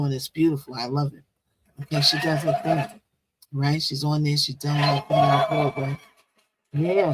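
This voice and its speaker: Female livestream host, casual gossip, teasing, jumps high and loud without warning, dry close sound. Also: no echo, poor audio. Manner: chatty, repetitive. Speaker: live-stream show host. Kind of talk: casual live-stream gossip talk.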